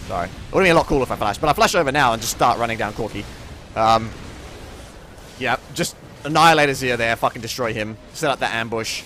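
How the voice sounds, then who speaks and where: A man's voice: mid-range voice, quick pace, a little hiss or hum. Laid-back swearing young gamer guy. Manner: laid-back, swears freely, bursts into excited outbursts. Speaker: gameplay commentator. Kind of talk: casual gameplay commentary over footage.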